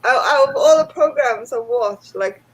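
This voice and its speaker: High-voiced, curious woman. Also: normal speed, breathy edge, poor audio. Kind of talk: casual chat.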